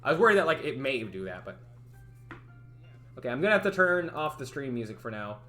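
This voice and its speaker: A man's voice: mid-range voice, very animated, fairly quick, fairly bright tone, soft background music. A young man chatting casually on a livestream, rambling and hesitant with many restarts and fillers, wearing headphones at a desk mic. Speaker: streamer.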